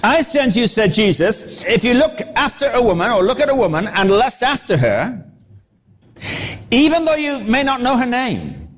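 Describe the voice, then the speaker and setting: A man preaching a sermon, acting out the crowd's reactions with animated delivery. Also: very high-pitched, moderate pace, faint music behind.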